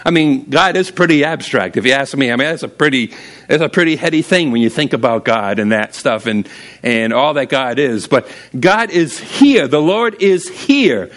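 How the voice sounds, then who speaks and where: A man preaching a sermon as pastor, casual and humorous, telling stories and often jumping up high for emphasis. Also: lively intonation, moderate pace, fairly bright tone.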